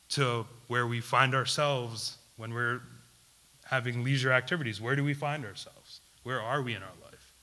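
A man preaching a sermon, putting questions to his listeners and repeating key words for emphasis, swinging between loud and hushed delivery. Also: medium pitch. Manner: asks the audience questions, emphatic repetition.

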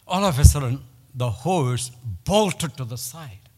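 Male pastor, measured sermon delivery with emphatic repetition, recorded in a hall with long reverb. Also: on the high side. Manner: storytelling, with pauses and emphatic repetition. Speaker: preacher.

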